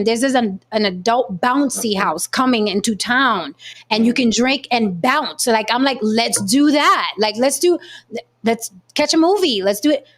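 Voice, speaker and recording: A woman hosting a casual chat show, telling a story in a blunt, profane, animated way. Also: a little high. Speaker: podcast host.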